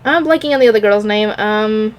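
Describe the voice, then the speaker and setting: A woman's voice: mid-range voice, brisk. A woman talking casually on her own about an anime episode, rambling and often stopping to search for names. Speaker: anime reviewer. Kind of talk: casual solo review.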